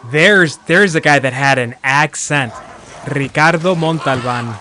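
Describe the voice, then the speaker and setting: Rambly gamer guy on stream, kinda high crisp voice, lots of likes and you knows, jumpy when stuff pops out. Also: a little slow, slight background noise. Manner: rambling, heavy use of "like" fillers; jumpy, reacts loudly to in-game surprises. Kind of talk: casual gameplay commentary.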